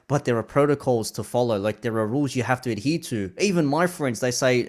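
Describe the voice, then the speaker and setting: A relaxed man talks loosely in casual conversation, cursing easily and breaking into laughter. His voice sits at an ordinary middle pitch. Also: brisk, hardly any pauses. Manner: laid-back, swears freely, laughs often. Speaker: podcast host and DJ. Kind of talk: casual chat.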